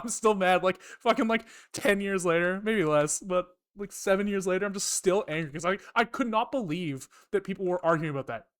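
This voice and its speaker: A man's voice: high-pitched, fast talker, few pauses. A young man streaming himself programming, chatting casually and swearing freely as he rants and explains code. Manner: chatty, profane, animated ranting. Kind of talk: casual live coding stream chat.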